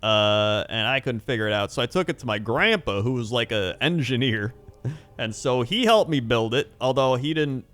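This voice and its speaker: A man's voice: medium pitch, animated, normal speed, fairly bright tone. A man in his thirties, hosting a hobby channel, telling a rambling personal story in casual chat with fillers and frequent laughs. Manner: rambling, chatty, laughs often, many fillers.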